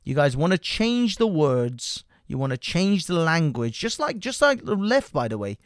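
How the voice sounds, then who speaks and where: A man from the United Kingdom hosts a live stream and rants in a heated, profane way, circling back to the same point over and over. His voice sits fairly high for a man. The sound is dry and close. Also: sing-song, normal speed, no echo. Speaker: livestream host. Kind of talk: ranting political commentary.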